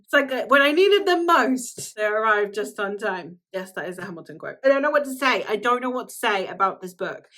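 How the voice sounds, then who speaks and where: Bright-voiced woman gushing about books. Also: mid-range voice. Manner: gushing, animated, swearing casually. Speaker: book vlogger. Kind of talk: casual reading vlog chat.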